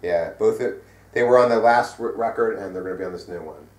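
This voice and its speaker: A man's voice: lowish voice, fast, darkish tone. A middle-aged man co-hosting a casual heavy metal news chat, rambling and profane with many fillers. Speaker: co-host. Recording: roomy sound from a distant mic.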